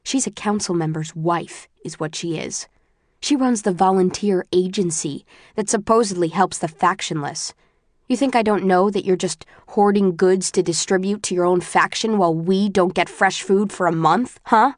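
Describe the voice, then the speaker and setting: A woman's voice: on the low side, normal speed, no room sound, studio quality, lightly acted. A woman voicing a hostile, bitter young woman who talks with sneering contempt, in an audiobook reading.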